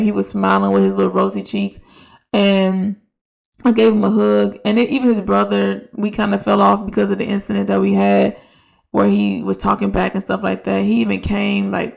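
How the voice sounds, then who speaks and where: Gravelly, flat-voiced woman podcaster. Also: mid-range voice. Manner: conversational, with many restarts and quoted dialogue. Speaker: podcast host, elementary school teacher. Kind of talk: casual reflective monologue.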